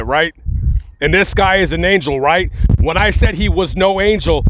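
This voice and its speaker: A man hosting a heated commentary video, blunt and emphatic, speaking angrily with halting restarts. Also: on the high side, fairly bright tone. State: angry and upset. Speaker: YouTube commentary host. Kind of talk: heated direct-to-camera commentary.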